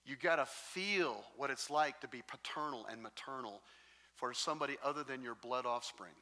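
A man preaching a sermon as pastor, telling stories in a lively, joking way. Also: mid-range voice, normal speed. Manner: animated, jokey storytelling. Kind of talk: sermon with storytelling. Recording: long reverb in a large hall.

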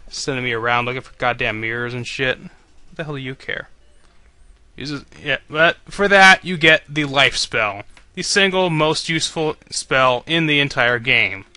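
A man's voice: medium pitch, normal speed, sharp tone, clean tone, no room sound. A man commentating on a video game he is playing, swearing constantly and griping sarcastically at the characters. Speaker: let's play commentator.

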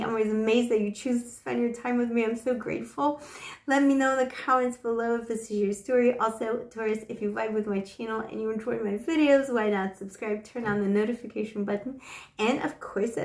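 A woman's voice: on the high side, echoey room. A woman doing a casual tarot reading to camera, chatty and affectionate, a little short of breath. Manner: chatty and affectionate, with fillers like "you know". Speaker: tarot reader.

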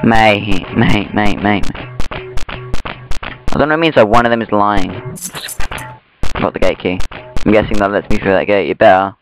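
A man's voice: fairly low pitch, unhurried, long pauses, low-quality recording. A young man giving nervous, swear-filled commentary while playing a horror game. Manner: jumpy, swearing, nervous rambling. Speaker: gameplay streamer. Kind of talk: horror let's play commentary. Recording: game music behind the voice.

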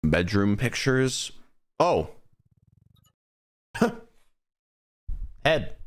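A young man chatting casually while live-streaming a horror game, rambling and animated, with his voice jumping up high whenever he is startled. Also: drawn-out words. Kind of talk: casual gaming livestream chat.

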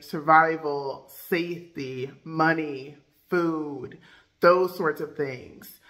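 Bright sounding woman coach just chatting loosely, lots of likes and ums. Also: low voice. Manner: loose, filler-heavy, chatty. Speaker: life coach. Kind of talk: casual coaching talk.

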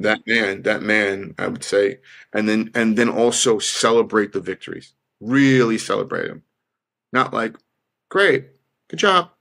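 A man's voice: fairly low pitch, bright, forceful tone. A man who is an actor, talking earnestly in an interview and repeating phrases like a pep talk to himself. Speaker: actor, podcast guest.

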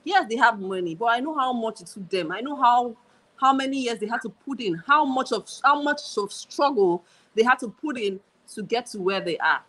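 Bright-voiced woman telling her story with emphasis. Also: on the high side, lively intonation, moderate pace, rough recording. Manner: emphatic, repeats phrases, frequent laughs. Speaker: guest. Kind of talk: casual interview conversation.

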